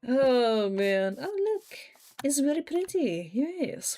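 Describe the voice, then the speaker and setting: A woman's voice: high-pitched, big pitch swings, slow, dark tone. A young woman chatting casually while she plays a game on a live stream, telling stories animatedly and swearing now and then.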